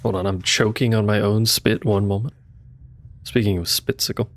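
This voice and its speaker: A man's voice: fairly low pitch, fairly even intonation, normal speed. Chatty male game streamer. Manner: chatty, mutters to himself and talks to chat; casual, swears now and then. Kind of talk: live gameplay commentary.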